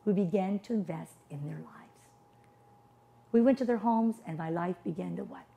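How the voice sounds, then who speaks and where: Animated woman telling her life story. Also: lowish voice, normal speed, vocal fry. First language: non-English household language. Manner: animated, emphatic, asks rhetorical questions. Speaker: motivational speaker. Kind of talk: personal storytelling testimony.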